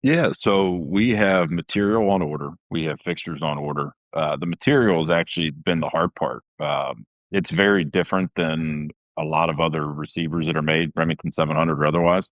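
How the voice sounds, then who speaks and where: A man guesting on a podcast, with a very deep voice and a plain, matter-of-fact way of explaining. His sound is a little dull and dry. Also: brisk, no room sound. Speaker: guest, gun maker. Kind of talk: podcast interview.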